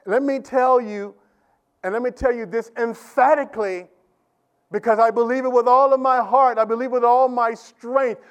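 A man with a strikingly high-pitched voice delivers a sermon from the pulpit of a church. He starts out conversational, then builds into emphatic, repetitive preaching, pressing his congregation with questions. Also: steady tone, normal speed, clear, resonant tone. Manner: rising into emphatic preaching with repeated calls to the congregation. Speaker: pastor.

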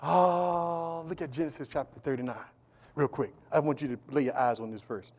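A male pastor preaching a sermon, calling out to the congregation for responses and swinging between loud declarations and hushed asides. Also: a little high, fairly even intonation, normal speed. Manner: preaching with call-and-response, swings between shouting and near-whisper.

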